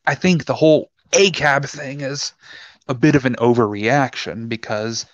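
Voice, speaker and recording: Guy on a podcast, mid pitch, tells stories and does everyone's lines, kinda muffled dry audio. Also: a little slow, no room sound. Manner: animated storyteller, acts out quoted exchanges. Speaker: podcast co-host. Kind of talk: casual podcast chat. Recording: dull lo-fi sound, dry.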